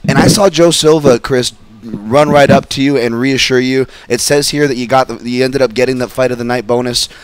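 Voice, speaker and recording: A man's voice: mid-range voice, steady tone, no room sound. A man working as a fight analyst on a radio show, asking a guest long questions full of fillers and restarts. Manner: fast, many fillers and restarts.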